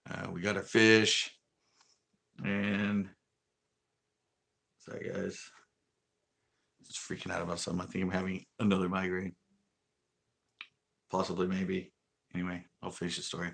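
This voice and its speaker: A man's voice: sits low, flat delivery, unhurried, creaky, long pauses, fairly bright tone, breathy edge. A man from California, an angler, casually telling a rambling fishing story on a livestream and acting out what others said. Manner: rambling, acts out quoted dialogue.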